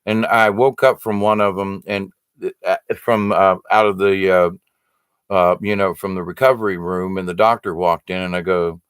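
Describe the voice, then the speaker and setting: A man's voice: low voice, fairly even intonation, normal speed, fairly bright tone, clean tone, no room sound. A man hosting a casual spiritual livestream, reading out viewer comments and talking them through in an earnest, rambling way full of fillers and restarts.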